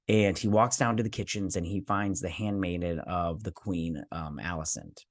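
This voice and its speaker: This man's voice sits low, with fairly even intonation and a normal speed, recorded cleanly in a studio with no room sound. As host of a TV review channel, he gives a casual spoken episode review, addressing viewers directly with plenty of fillers and self-corrections.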